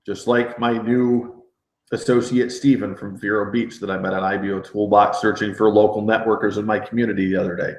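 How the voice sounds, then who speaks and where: Energetic man coaching, roomy echo. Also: fairly low pitch, a little fast. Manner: energetic, repeats words, rallying "okay?" asides. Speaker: network marketing trainer. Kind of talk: live training webinar.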